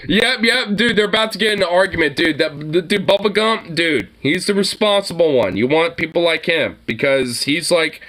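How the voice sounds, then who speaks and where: A man giving casual, animated reaction commentary on gun videos, swearing often and laughing at the clips. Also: on the high side, normal speed, hardly any pauses.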